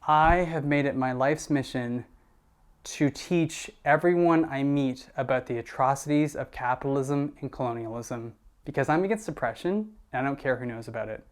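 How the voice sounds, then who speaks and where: Comedian, male, sketch voice, many quick characters, everyday tone. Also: mid-range voice. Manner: switches between many put-on characters.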